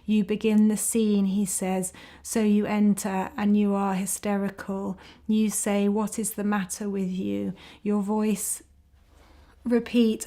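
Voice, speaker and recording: A woman giving a spoken-word performance reading, in a flat, measured second-person recitation. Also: mid-range voice.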